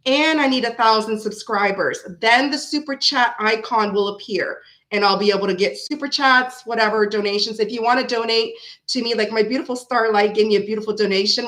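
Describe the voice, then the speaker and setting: A woman's voice: a little high, a bit bright. A woman hosting a tarot live stream, chatting casually and greeting viewers one by one by name.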